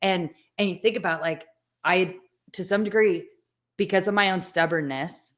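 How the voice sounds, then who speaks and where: A woman's voice: lowish voice, moderate pace. A woman hosting a podcast, sharing a personal story in an earnest, emotional way. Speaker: podcast host. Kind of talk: conversational interview.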